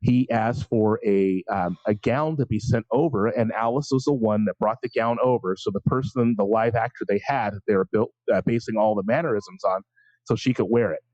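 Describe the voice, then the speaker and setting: Lower voice guy telling a story on a podcast, kinda halting, dry muffled mic. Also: a little mellow, dry recording. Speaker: podcast co-host.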